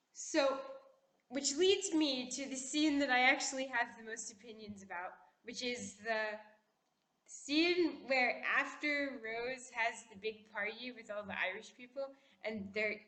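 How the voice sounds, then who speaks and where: A woman vlogger chats in a deliberately poised, classy voice that sits a little high for a woman. She talks with strong opinions and lively energy. The recording is echoey, as if made in a bare room. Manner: putting on a poised, classy-sounding voice; opinionated and animated. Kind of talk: casual chatty commentary.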